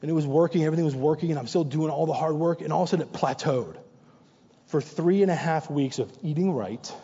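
A man's voice: fairly high pitch, fast talker, mellow, breathy edge. A male pastor preaching a sermon in a conversational, anecdotal way, repeating short exhortations for emphasis. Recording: long reverb, dull muffled sound.

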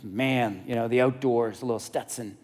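A male preacher who retells a scripture story in a lively, conversational way. He drops playful asides to the congregation, and his voice sits at an ordinary middle pitch. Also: moderate pace. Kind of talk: sermon storytelling.

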